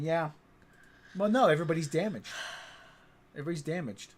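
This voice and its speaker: A woman's voice: deep voice, big pitch swings, a little fast, fairly bright tone. A woman co-hosting a casual live show recap, making joking, sarcastic asides. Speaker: show co-host.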